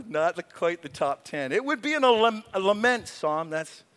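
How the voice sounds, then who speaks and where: High, bright-voiced preacher in a hall. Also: male voice. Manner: animated, playful, acts out voices. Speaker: pastor. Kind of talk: sermon. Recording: reverberant hall.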